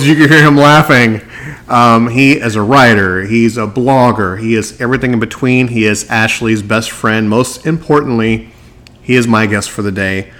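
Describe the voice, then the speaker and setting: A man's voice: mid-range voice, a bit bright. Joking male podcast host. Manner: joking, playful, rambling. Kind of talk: casual podcast chat.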